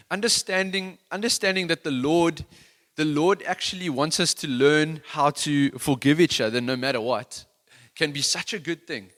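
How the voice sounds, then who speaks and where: A man's voice: a little high, a bit bright. A man preaching a sermon in an earnest, conversational, self-deprecating way, with many restarts. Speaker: worship leader giving a sermon.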